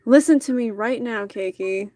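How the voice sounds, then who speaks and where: A woman's voice: on the high side, moderate pace, dark tone, dry recording, close to an everyday voice. A woman voicing a grumpy, exasperated rabbit man in a dating game, speaking firmly and scolding. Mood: stern. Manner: scolding, firm.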